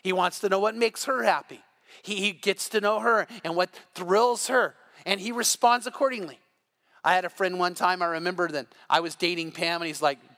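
An older male pastor delivers an evening sermon with a high-pitched voice. His tone is bright and ringing, and he tells lively stories, stumbling and restarting his sentences as he goes. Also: fairly quick. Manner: animated storytelling with repeated restarts.

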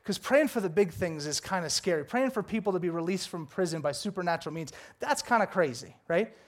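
A man with a fairly high voice delivers a sermon. He reads scripture aloud, then breaks into casual, jokey storytelling full of excited asides. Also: fairly quick. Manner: animated, jokey storytelling with big pitch swings. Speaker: pastor.

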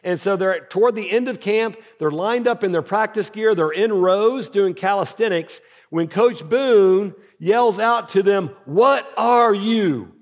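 High-voiced pastor preaching in a reverberant hall. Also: male voice, measured pace, hardly any pauses. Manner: conversational preaching, lively rhetorical questions. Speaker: senior pastor. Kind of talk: sermon. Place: church auditorium.

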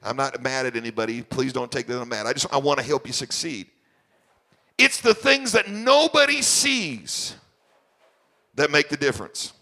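A man's voice: mid-range voice, animated, moderate pace, pushed and bright. A man, a senior pastor, preaching a sermon at a church service. He sounds tired and talks emphatically, often restarting and repeating his phrases.

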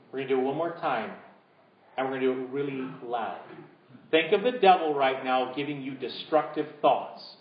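A man preaching a sermon as pastor, building to emphatic peaks and dropping to hushed prompts for the congregation. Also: medium pitch, normal speed, noisy background. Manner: drops to a hushed voice leading a congregation. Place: church sanctuary. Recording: roomy, dull church recording.

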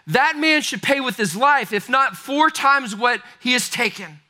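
A man's voice: extremely high pitch, expressive, unhurried, bright, forceful tone, voice pushed up, heavily acted. A man voicing an outraged king, declaiming his anger in a raised, indignant voice. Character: furious righteous king, adult man.

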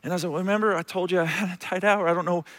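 High, bright preacher in a hall. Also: male voice, fairly even intonation, racing. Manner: storytelling, acts out quoted voices, self-interrupting restarts. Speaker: pastor. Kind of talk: sermon with personal story. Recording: long reverb of a large hall.

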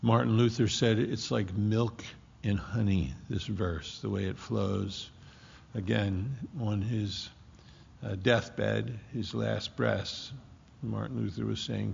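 A male preacher delivers an expository sermon at an unhurried, deliberate pace, leaning on key words. His voice has a gravelly edge, and the recording sounds dull and lo-fi. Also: fairly low pitch, steady tone. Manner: slow, deliberate expository preaching with drawn-out emphasis.

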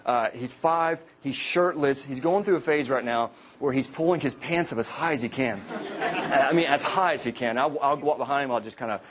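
A man in his thirties, a campus minister, preaching to college students with humorous personal stories and lively quoted voices. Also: mid-range voice, normal speed, crowd noise, noisy background. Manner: joking storyteller, animated quoted voices.

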